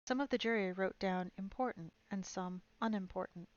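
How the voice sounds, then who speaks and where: A woman's voice: medium pitch, moderate pace, clear, resonant tone, no echo. A woman streamer reading a storybook aloud, narrating steadily and expressively. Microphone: streaming mic. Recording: dull lo-fi stream audio.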